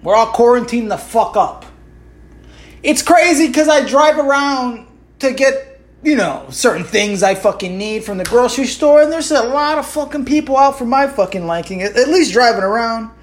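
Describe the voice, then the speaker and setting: A woman with a slightly raised pitch rants alone into her podcast mic. Her talk is loose and profane, full of sarcasm and rhetorical questions. She keeps circling back with quick asides to the listener. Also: animated. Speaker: podcast host. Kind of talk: solo podcast rant.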